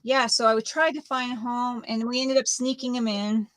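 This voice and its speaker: A woman's voice: on the high side, steady tone, moderate pace, no room sound. Middle-aged woman, chatty co-host, rambling stories, dry close sound. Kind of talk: casual chat while crafting.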